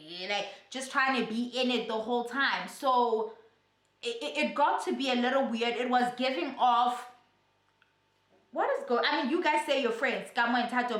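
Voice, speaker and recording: A young woman, chatting through a casual gossip vlog in a sassy, animated way. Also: fairly high pitch, roomy sound. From South Africa. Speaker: YouTuber.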